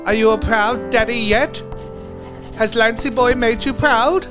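A man's voice: very high-pitched, fairly even intonation, unhurried. A man voicing a whiny young racing driver who pleads in a letter for his father's love, over a music bed. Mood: pleading. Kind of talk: comedy letter reading.

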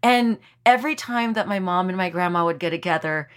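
A woman in her forties chatting casually as a comedian guest, telling stories with lively acted-out quotes. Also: fairly low pitch, fairly quick. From United States, Texas border region. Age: 40s. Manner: animated storyteller, acts out quoted voices. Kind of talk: casual chat.

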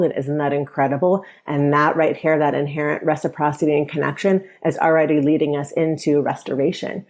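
A woman author being interviewed on a podcast, speaking in a calm, reflective and gently instructive way. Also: sits low, fairly quick, hardly any pauses. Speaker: author and guest.

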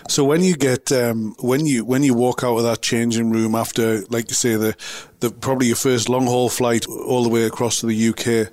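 A man's voice: mid-range voice, fairly even intonation, moderate pace, a little mellow. A man hosting a podcast asks long interview questions, restarting often. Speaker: podcast host.

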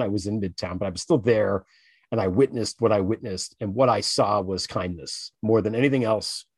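A man hosting a podcast, talking in a reflective, halting way with many restarts. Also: mid-range voice, dry recording, studio quality. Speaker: podcast host. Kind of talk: casual conversation. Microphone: podcast microphone.

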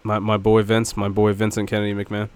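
Animated man in a dry room. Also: on the low side, a little fast, clean tone, no echo. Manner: animated, laughs often. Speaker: podcast co-host. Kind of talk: casual chat.

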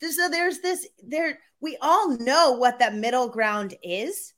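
Animated woman coaching on sales. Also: sits high, slow. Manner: animated storyteller, acts out quoted voices. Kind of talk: conversational interview answers.

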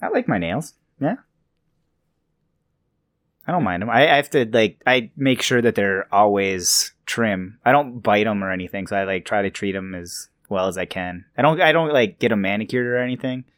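A young man hosts a relaxed podcast chat in a low voice. The sound is dry, with no room echo. He is easygoing and often repeats words while he thinks. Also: normal speed. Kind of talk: casual chat.

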